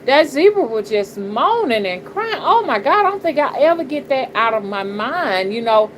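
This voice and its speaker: A woman's voice: high voice, sing-song, normal speed. Middle-aged lady on a livestream, cussing and preaching, keeps asking you understand, noisy background. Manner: blunt, profane, preachy, repeats "you understand?". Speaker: spiritual reader and channel host. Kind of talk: casual livestream talk, greeting chat. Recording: noticeable background noise.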